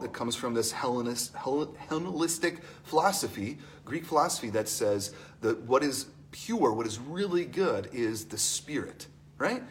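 A man preaching a conversational sermon in an animated, storytelling way, asking the congregation questions. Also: mid-range voice, a little hiss or hum.

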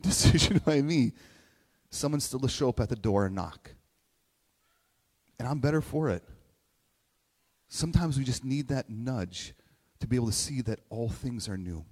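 A man's voice: mid-range voice, a little mellow. A man preaching a conversational sermon, emotional and close to tears at times, who keeps asking "right?". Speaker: pastor. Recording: long hall reverb.

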